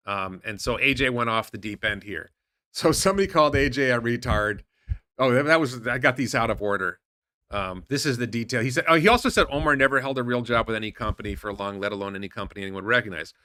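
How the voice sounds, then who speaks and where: Guy ranting about stocks, bright voice, dry close sound, lots of restarts and scoffing questions. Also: mid-range voice, dry recording. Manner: animated, indignant, rambling with restarts. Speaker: stock market show host. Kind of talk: casual commentary reading posts aloud.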